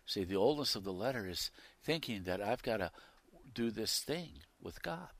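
A man preaching a sermon who swings from loud, emphatic declarations to quiet asides and reads scripture with rising intensity. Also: lowish voice, lively intonation, normal speed, no echo.

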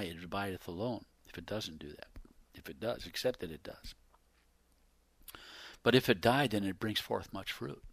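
A man preaching a sermon, reading scripture aloud and swinging between loud emphasis and hushed whispers. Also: lowish voice, normal speed, breathy edge, no room sound. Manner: reads scripture aloud in King James wording.

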